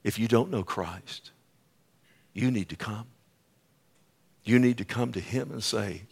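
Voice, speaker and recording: A middle-aged man preaching a sermon with an altar call, swinging between booming quoted scripture and hushed, whispered pleading. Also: measured pace, creaky, long pauses, breathy edge. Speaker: pastor. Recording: faint music underneath.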